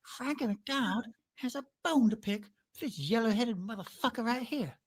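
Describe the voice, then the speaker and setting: A woman's voice: fairly high pitch, expressive, normal speed, husky. A woman voicing a foul-mouthed, hot-tempered man who rants and threatens, referring to himself in the third person. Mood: aggrieved rant. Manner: threatening, profane, ranting.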